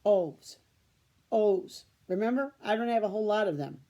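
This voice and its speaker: A woman's voice: mid-range voice, expressive, moderate pace, warm tone, voice pushed up, lightly acted. A woman voicing an easygoing young farm man who gives short, plain answers.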